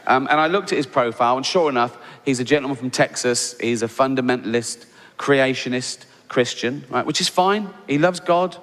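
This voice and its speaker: Sardonic English comedian in a big hall. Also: male voice, moderate pace, fairly bright tone. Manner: sardonic, mocking, bursts into high-pitched incredulous outbursts. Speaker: stand-up comedian. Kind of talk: stand-up comedy. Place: large theatre stage. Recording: big hall reverb with audience laughter.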